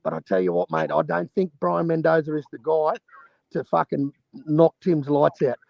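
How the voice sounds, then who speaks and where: A high-pitched Australian man with a gravelly edge speaks bluntly and profanely in a heated casual debate. His voice is muffled and lo-fi, as if through an online call mic, and sits dry and close. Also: moderate pace, dry recording. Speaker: panel guest, boxing fan.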